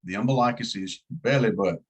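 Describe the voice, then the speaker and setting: A man's voice: on the low side, a little fast, slightly rough, poor audio. A man with a slight Southern US twang teaching an EMT class in a casual, folksy way, asking his students to follow along. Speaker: EMT instructor.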